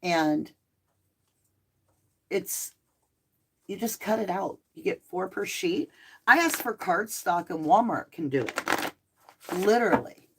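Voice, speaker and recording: A woman's voice: lowish voice, takes it slowly, pauses often, slightly rough. A middle-aged woman with a mixed Southern and Northern American accent, hosting a casual live chat and answering viewer comments. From Southern United States. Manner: chatty and animated, laughing easily. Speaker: live stream host.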